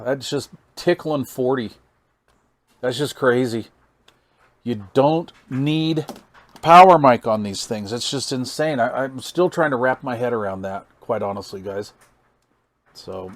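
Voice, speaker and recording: A man's voice: mid-range voice, measured pace, pauses often. A man hosting a casual hands-on radio gear demo, folksy and amazed, thinking aloud while he reads meters and counts into the mic. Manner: counts into the mic during test calls. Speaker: radio hobbyist channel host.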